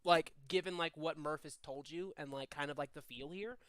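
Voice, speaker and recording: A man's voice: fairly high pitch, normal speed, fairly bright tone, clear, resonant tone, no room sound, studio quality. A man narrating as game master in a tabletop game, speaking loosely and with lots of fillers.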